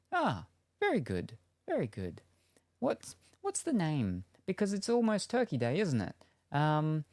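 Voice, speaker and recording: A man's voice: medium pitch, no room sound, clean studio sound. A young man live-streaming from home, chatting casually and playfully, reading out viewer names and messages with many fillers. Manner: rambling, playful, reads chat messages aloud.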